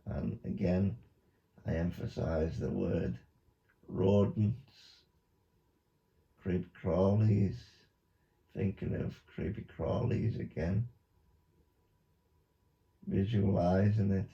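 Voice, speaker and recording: A man, a YouTuber, giving a mock hypnosis monologue with slow, repetitive, coaxing instructions. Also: low voice, steady tone, gravelly. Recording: dull lo-fi recording.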